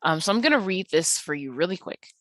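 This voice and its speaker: Woman teacher explaining slides, low and dry. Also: expressive, fast, a bit bright, dry recording. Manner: explanatory, with frequent ums and uhs. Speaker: English teacher. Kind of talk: recorded slide lecture.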